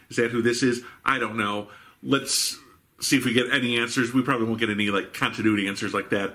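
A man's voice: mid-range voice, bright, forceful tone. A man hosting a live reaction show, chatting and musing with wry asides. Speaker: host.

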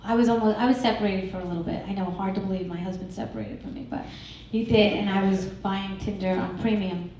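A woman's voice: mid-range voice, quick pace, few pauses, slight background noise. Middle-aged woman, stand-up comic, brash and crude, echoey club, distant mic. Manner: brash, crude, deadpan self-mocking delivery. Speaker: stand-up comedian. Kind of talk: stand-up comedy set. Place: comedy club stage. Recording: echoey club recorded from far off.

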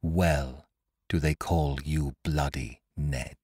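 A man's voice: rumbling low, fairly even intonation, measured pace, dark tone, breathy edge, no room sound, studio quality, pitched below the performer's own voice, full character voice. A man voicing a spirited young woman who is defiant and fierce, with stormy outbursts. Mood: cold.

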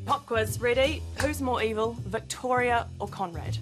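A woman's voice: fairly high pitch, moderate pace, music in the background. A woman entertainment reporter, quizzing guests in a bubbly, teasing way and narrating the segment.

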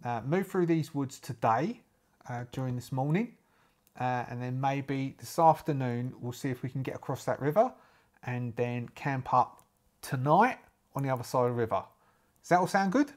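A man's voice: medium pitch, animated, moderate pace. Man from Ireland, casual solo-game narrator, rambling and thinking aloud, many fillers.

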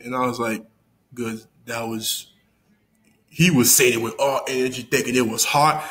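A man casually recapping a battle, animated and laughing as he quotes lines. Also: medium pitch, normal speed. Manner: animated, laughing, quoting lines with mock voices. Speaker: battle rap reviewer.

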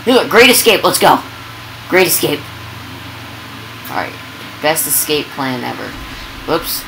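A woman giving excitable, casual commentary over gameplay, yelping and laughing at the chaos. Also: sits low, unhurried, gravelly, noisy background.

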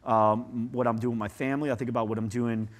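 A man speaking as a guest in an interview, animated and storytelling, leaning on "like" a lot. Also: medium pitch, fast talker. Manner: animated, storytelling, says "like" often. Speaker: guest agency CEO. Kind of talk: conversational interview.

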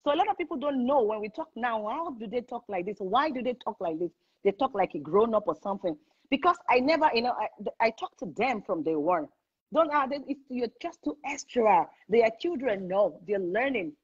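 A woman hosting a live parenting chat online, hammering home her points by repeating them. Her voice is somewhat husky and comes through a dull, muffled lo-fi line. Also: fairly high pitch, expressive, fairly quick. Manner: emphatic, repeats points for stress. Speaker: host. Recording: muffled lo-fi audio.

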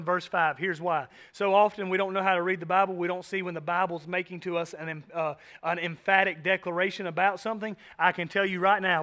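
Pastor guy preaching, earnest and emphatic, bright high voice. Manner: emphatic, earnest preaching with direct asides to the congregation. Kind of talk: sermon.

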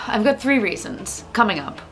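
A woman's voice: medium pitch, big pitch swings, a little slow, a bit bright. A woman vlogger talking frankly and casually to her camera, with lots of ums and likes. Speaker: beer vlogger.

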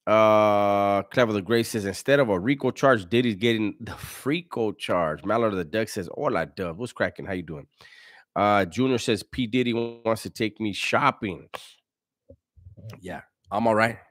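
A man's voice: on the low side, measured pace, no room sound, clean studio sound. A man hosting a casual live stream, reading viewer comments aloud in a laid-back, slangy way and chuckling often.

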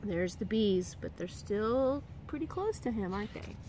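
A teacher reading a picture book aloud to children, gently pausing to ask them questions. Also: female voice, medium pitch, lively intonation, a little hiss or hum.

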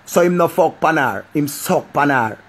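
Animated Jamaican man commenting. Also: fairly high pitch, moderate pace, breathy edge. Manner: animated, repetitive, profane. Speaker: vlogger. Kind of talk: casual commentary.

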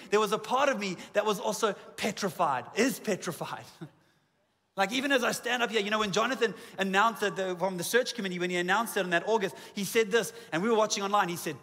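A man preaches from a church stage, his voice high and bright, trading self-mocking jokes for strings of repeated phrases. Long reverb rings off the hall around him. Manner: humorous, self-deprecating asides; repetitive emphatic lists. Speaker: pastor. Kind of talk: sermon. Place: church auditorium.

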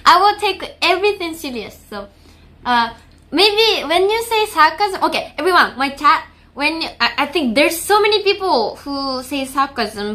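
High bright-voiced woman with a Japanese accent. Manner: chatty, laughs often, gropes for English words. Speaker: streamer. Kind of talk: casual live-stream chat with viewers.

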